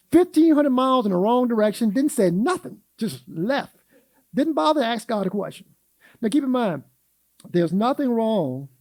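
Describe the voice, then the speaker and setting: Teaching Sunday school at church, this man speaks in a high, mellow, folksy voice, quizzing his class and performing everyday quotes. The audio is dry and close-miked, with no surrounding space.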